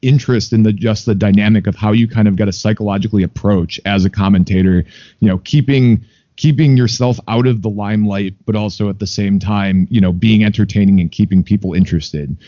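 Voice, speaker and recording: Man, interviewer, low pitch, rambling casual questions, dry dull recording. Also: steady tone, fairly quick, mellow, no room sound. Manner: loose, rambling questions with fillers. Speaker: podcast interviewer.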